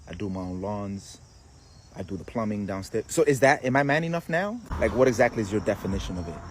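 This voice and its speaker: A married man answering a viewer comment in a sarcastic, animated way. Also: lowish voice, fast, slightly rough. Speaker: married vlogger. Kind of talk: response video to a comment.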